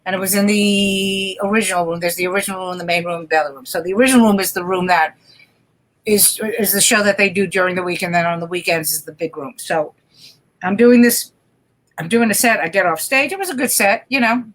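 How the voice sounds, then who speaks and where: A middle-aged woman comedian telling a profane, lively anecdote as a guest in a casual chat, stopping and restarting her sentences as she goes. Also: mid-range voice, fairly quick, rough recording. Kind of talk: casual storytelling at a dinner chat.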